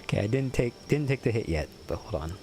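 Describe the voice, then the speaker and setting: A man's voice: medium pitch, lively intonation, quick pace, background noise. A young man streaming a game, chatting casually and teasing his viewers as he reads their messages aloud. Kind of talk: casual gameplay commentary.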